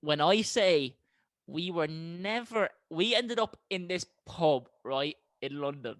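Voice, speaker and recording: Young guy chatting on a podcast, fairly high voice, dry close sound. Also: animated, slow pace, fairly bright tone, no echo. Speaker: podcast co-host. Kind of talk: casual chat.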